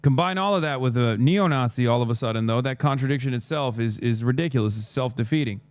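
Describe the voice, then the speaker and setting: A man's voice: mid-range voice, quick pace, clear, resonant tone, dry recording. A man hosting a livestream reaction, commenting in a sarcastic, mocking manner into a close microphone. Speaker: streamer host.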